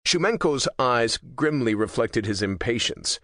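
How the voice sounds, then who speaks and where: A male narrator reads a thriller with measured storytelling, his voice in a middle register that moves with lively pitch. The recording is dry and close, with no room sound. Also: no echo. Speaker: audiobook narrator. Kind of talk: scripted narration.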